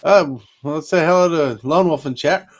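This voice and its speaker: A man's voice: a little high, moderate pace. A man hosting a casual chat show, rambling with lots of fillers and frequent laughter. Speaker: podcast host.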